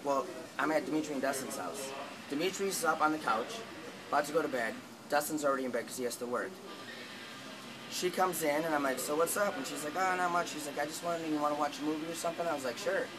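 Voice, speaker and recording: A man telling a long story in casual, rambling talk, with lots of swearing and animated retellings of what people said. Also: fairly high pitch, quick pace, over music, poor audio.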